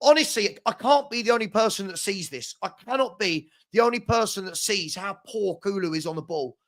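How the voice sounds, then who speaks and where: A man's voice: high voice, lively intonation, a little fast, a bit bright. A man hosting a live fan watchalong, giving partisan running commentary on the match and getting exasperated with his own side's mistakes. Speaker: watchalong host.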